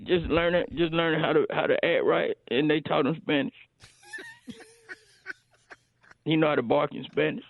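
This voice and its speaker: A man's voice: fairly high pitch, fairly even intonation, normal speed, creaky, long pauses, dry recording. A man voicing a dim, boastful male caller from the hood who stammers and fills his talk with "uh". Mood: deadpan bragging. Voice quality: hesitant, full of stammers and "uh". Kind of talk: comedy phone prank bit. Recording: tinny dry phone line.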